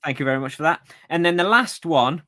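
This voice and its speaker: A man's voice: a little high, expressive, fast talker, sharp tone. A man co-hosting a running podcast, easygoing and agreeable, reading listener comments. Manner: easygoing, agreeable, frequent yeahs. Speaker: podcast co-host.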